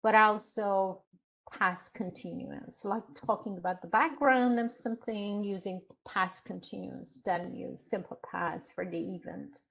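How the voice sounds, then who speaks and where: Slow, deliberate woman instructor lecturing. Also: medium pitch, vocal fry, a bit bright, muffled recording. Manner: slow, explanatory, with frequent hesitations. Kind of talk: online lecture.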